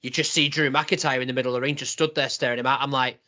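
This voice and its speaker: Bright-voiced man hosting a chat. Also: mid-range voice, fairly even intonation, rapid-fire. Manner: chatty, laughs often, reports scenes with quoted voices. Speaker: podcast host. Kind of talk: casual wrestling podcast chat.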